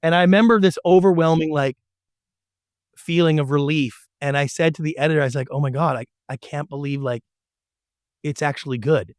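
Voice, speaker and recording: A middle-aged man with a fairly high voice tells his story in an animated way. He jumps into little voices to act out emails and phone calls. The sound is close and dry. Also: fairly quick, dry recording. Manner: animated storyteller who acts out quotes. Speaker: guest, former TV producer. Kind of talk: storytelling interview.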